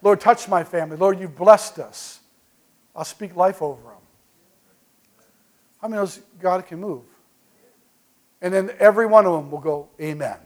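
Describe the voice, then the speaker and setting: A man preaching as pastor, telling folksy stories with call-and-response asides and swinging from quiet remarks to loud bursts. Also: sits high, normal speed, pauses often. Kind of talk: sermon.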